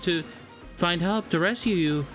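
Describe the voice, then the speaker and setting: A man's voice: high-pitched, a little slow, fairly bright tone, soft background music, voice pushed up. A man voicing an earnest young male creature who pleads with his elder, reading game dialogue aloud. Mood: pleading. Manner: pleading, eager.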